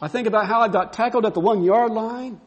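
A man's voice: high-pitched, quick pace. A man preaching a sermon, telling a story and building to fervent, repeated exclamations.

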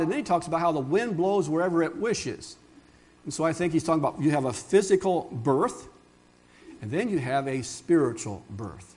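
A man's voice: fairly high pitch, expressive, normal speed, breathy edge. A middle-aged male pastor preaching a sermon in an earnest, conversational way, with asides and restarts.

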